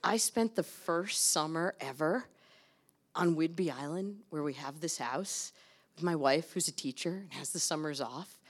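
A woman's voice: deep voice, a little slow. A middle-aged woman giving a candid, conversational storytelling talk to an audience, acting out the dialogue she recounts. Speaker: speaker addressing an audience.

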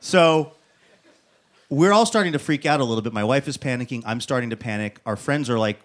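A man hosting a talk show, telling a comic story in a lively way and acting out what people said. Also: medium pitch, brisk. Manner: animated storyteller who acts out quotes. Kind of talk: comic monologue and interview.

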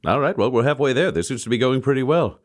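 A man's voice: mid-range voice, animated, quick pace. Chill guy at a tabletop game, voice bounces around a lot, amused. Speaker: player. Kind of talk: casual tabletop play.

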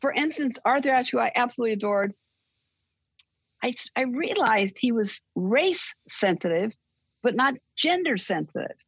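Gravelly older woman telling stories. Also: on the high side, moderate pace. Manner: rambling, with restarts and animated retellings. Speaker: guest. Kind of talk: casual interview storytelling. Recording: dull lo-fi sound.

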